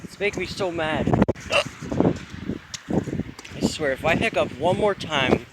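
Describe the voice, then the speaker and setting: A man's voice: a little high, expressive, a little slow. A young man vlogging casually while walking outdoors, exclaiming in disbelief and laughing. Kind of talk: casual vlog talk to camera. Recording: windy outdoor noise.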